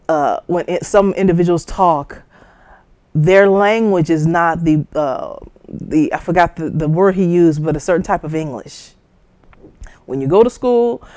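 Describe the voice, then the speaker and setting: Lively woman teaching public speaking. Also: no room sound. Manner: lively, jumps high in pitch to act out imagined people; conversational, with fillers and asides. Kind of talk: instructional talk.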